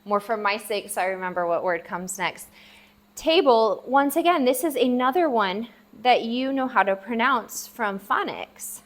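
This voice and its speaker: Seated at a table and writing words out for the viewer, a woman gives a casual spoken language lesson. Her voice is on the high side and unhurried as she patiently sounds out each syllable several times.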